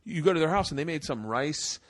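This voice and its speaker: A man's voice: a little high, fairly quick, no room sound, studio quality. A man in his forties hosting a podcast, telling profane stories in casual chat. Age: 40s. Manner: animated, profane storyteller. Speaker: podcast host.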